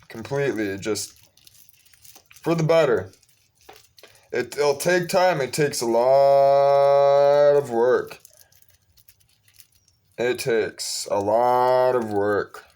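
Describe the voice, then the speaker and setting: A man giving a preachy religious monologue, repeating phrases for emphasis. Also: mid-range voice.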